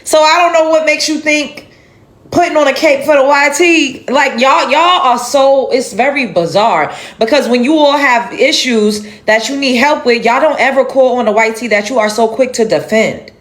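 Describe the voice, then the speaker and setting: A woman's voice: high-pitched, normal speed, a bit bright. A woman giving an emphatic, indignant reaction commentary on a video clip, with exasperated sighs.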